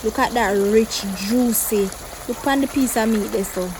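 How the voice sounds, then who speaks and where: A Jamaican woman with a fairly high voice hosts a cooking video from her kitchen, chatting her viewers through each step at a moderate pace. It's a casual cooking demonstration, and some background noise can be heard.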